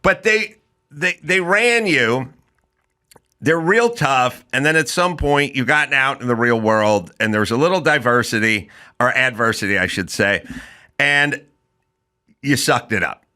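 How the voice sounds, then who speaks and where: A man's voice: medium pitch, a little slow. A middle-aged man hosting a talk show, telling stories casually and acting out quotes in mocking voices. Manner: animated storyteller who acts out quotes in mocking voices. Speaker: podcast host. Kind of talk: casual interview chat.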